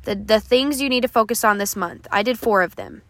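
A woman's voice: medium pitch, fairly quick, a bit bright, no room sound. A woman hosting a motivational podcast, talking straight to her listeners in an encouraging, coaxing way and checking in with "okay?" as she goes. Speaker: podcast host.

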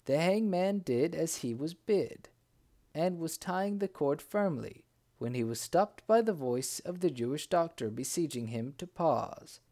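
A man's voice: on the high side, unhurried. A man reading a folk tale aloud as narrator, bringing the characters' cries to life. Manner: lively, acts out the characters' cries. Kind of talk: storybook reading.

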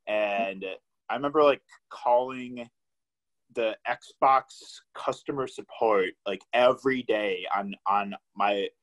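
A man's voice: on the low side, takes it slowly, fairly bright tone, low-quality recording. Casual swearing young man hosting a podcast. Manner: laid-back, swears a lot, many fillers. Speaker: podcast host. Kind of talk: casual chat.

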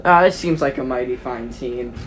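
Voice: medium pitch, normal speed, fairly bright tone, a little hiss or hum, close to an everyday voice. A game master voicing a smug male devil lord with wings in a tabletop game, attempting a British accent. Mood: pleased.

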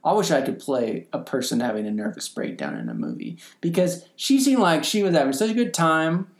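A man's voice: on the high side, brisk, creaky. A man co-hosting a podcast that reviews a TV series, talking casually and acting out the scenes as he retells them. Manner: animated, acts out scenes from the show. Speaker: podcast co-host.

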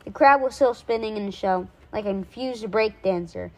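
A woman reading a children's storybook aloud, lively and with small slips she corrects. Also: mid-range voice, normal speed, rough recording.

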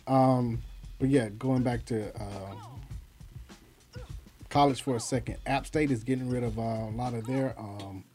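Male sports-podcast co-host, mid pitch, relaxed chatter, lists matchups, soft music bed. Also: unhurried, long pauses. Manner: rattles off lists of teams, trails off quietly. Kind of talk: casual sports chat.

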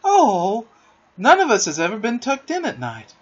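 A man's voice: sits high, wildly swooping pitch, moderate pace, husky, pitched above the performer's own voice, full character voice. A man doing a sly, coaxing boy. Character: boastful cunning young boy. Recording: dull lo-fi audiobook recording.

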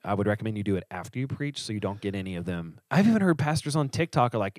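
A man's voice: fairly low pitch, very fast, hardly any pauses, no room sound, clean studio sound. A man co-hosting a casual podcast as a church leader, telling stories animatedly and acting out the voices of the people in them. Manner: animated storyteller who acts out quoted voices.

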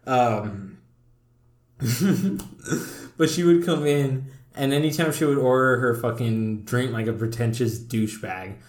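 A young man tells stories in a loose, rambling way, swearing freely and breaking into laughter. His voice sits at an ordinary middle pitch. The room around him rings with a noticeable echo. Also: unhurried. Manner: rambling, profane, laughing storyteller. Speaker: podcast co-host. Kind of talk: casual chat. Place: indoor room. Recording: roomy echo.

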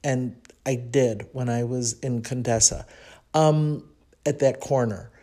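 A woman with a Chicago accent hosts her own podcast and tells a story from her life. She speaks in a chatty, reflective way and thinks aloud. Her talk is full of small pauses and restarts. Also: rumbling low, warm tone. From Chicago, United States. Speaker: podcast host. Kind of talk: personal storytelling monologue.

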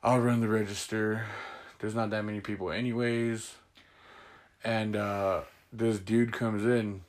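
A man's voice: on the low side, little pitch movement, a little slow. A young man hosting a casual chat with his siblings, rambling through stories and laughing often. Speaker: host.

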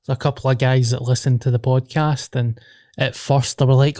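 A man's voice: medium pitch, little pitch movement, brisk, dark tone, no room sound, clean studio sound. A young man with a Glaswegian accent hosting a casual podcast, rambling and swearing as he chats. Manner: swearing, laughing, rambling banter. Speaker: podcast host.

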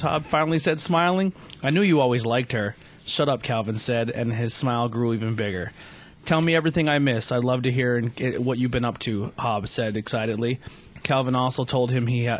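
Man stumbling through a read-aloud. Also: mid-range voice. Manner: stumbling read-aloud with frequent restarts and fillers. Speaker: podcast host. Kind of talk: casual chat, reading a story aloud.

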